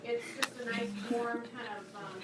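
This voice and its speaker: A woman's voice: on the high side, steady tone, measured pace, very noisy. A woman teaching a classroom cooking demonstration, explaining patiently, picked up by a phone across the room with students chattering. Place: school classroom. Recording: distant voice in echoey classroom.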